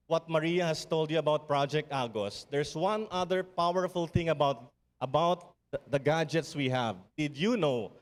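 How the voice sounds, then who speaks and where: A middle-aged man with a Filipino accent delivers a conference keynote with a slightly high voice. His speech is earnest and rousing, built on repeated refrains. His words ring out with a long reverb through a large hall. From Philippines. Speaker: summit speaker.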